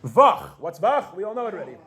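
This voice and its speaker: A pregnant woman teaching Yiddish to a class, animated and casual, quizzing her students with frequent questions. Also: mid-range voice, fast talker. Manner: casual, with fillers and restarts. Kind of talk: classroom language lesson.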